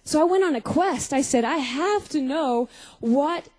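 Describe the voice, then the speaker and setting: High, mellow-voiced woman preaching. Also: animated, measured pace, poor audio. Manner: storytelling, questioning the audience, acting out scenes. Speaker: speaker at a Christian youth gathering. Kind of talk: personal testimony sermon.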